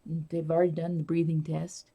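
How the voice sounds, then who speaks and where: A woman's voice: low voice, little pitch movement, moderate pace, warm tone, slightly rough. A woman hosting a casual live stream, rambling and answering viewer comments as she talks.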